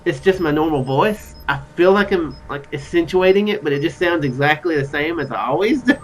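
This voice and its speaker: A man's voice: a little high, animated, normal speed, a little hiss or hum, poor audio. A man with a Southern US accent gives rambling, chatty game commentary as he reads a story game aloud, with plenty of fillers. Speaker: gaming channel host.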